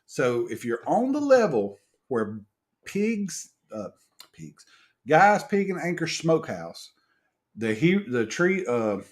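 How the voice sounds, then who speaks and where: A man's voice: on the high side, slow. A middle-aged man, co-hosting a casual live stream and telling stories with lots of laughter. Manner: animated storytelling, laughs often, folksy. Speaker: co-host.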